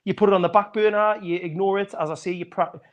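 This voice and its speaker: A middle-aged man speaking quickly in a slightly raised voice. He thinks out loud in long, rambling sentences and answers openly. He is heard over a video call. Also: high voice, fairly even intonation, dull audio. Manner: candid, reflective, talks in long rambling sentences. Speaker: guest from a fan podcast. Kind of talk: podcast interview answer.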